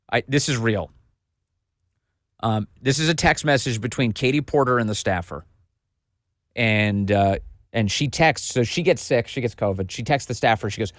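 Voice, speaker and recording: A man's voice: fairly low pitch, dry recording, studio quality. Mocking male political commentary host. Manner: mocking, incredulous, reads documents aloud and riffs on them.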